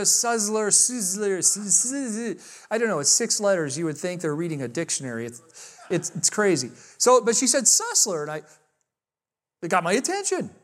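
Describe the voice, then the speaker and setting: Animated high-voiced male preacher. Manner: animated, acts out dialogue with big pitch jumps. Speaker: pastor. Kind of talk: sermon storytelling and prayer.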